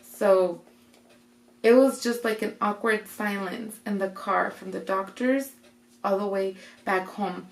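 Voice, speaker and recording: Young woman, vlog storytime, gravelly fry in her voice, jumps into quoted voices, roomy echo. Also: medium pitch, fairly even intonation, slow. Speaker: vlogger. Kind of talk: casual storytime.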